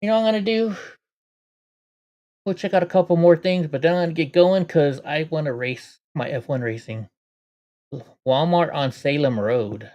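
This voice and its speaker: A man's voice: on the high side, moderate pace, pauses often, darkish tone, dull audio. Rambling man chatting on a livestream. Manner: chatty, talks to his dog and viewers. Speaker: livestream host. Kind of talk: rambling casual livestream chat.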